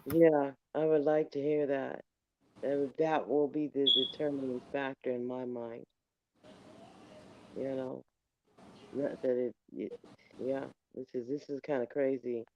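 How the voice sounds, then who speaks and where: A man co-hosting a casual discussion, reasoning slowly with hesitations. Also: medium pitch, level tone, highs cut off, slight background noise. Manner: thoughtful, hesitant, reasoning step by step. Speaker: co-host. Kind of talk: casual chat.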